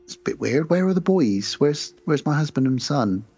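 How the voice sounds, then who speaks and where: A man's voice: a little high, lively intonation, moderate pace, dark tone, slightly rough, dull audio, faint music behind. A man co-hosting a podcast, retelling film scenes and acting out the characters' lines in casual chat. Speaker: podcast co-host.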